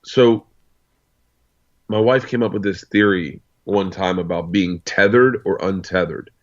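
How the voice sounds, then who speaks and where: A man's voice: low-pitched, a little slow, highs cut off. A man in his forties, a guest on an interview show, telling rambling anecdotes full of asides. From United States. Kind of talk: casual storytelling.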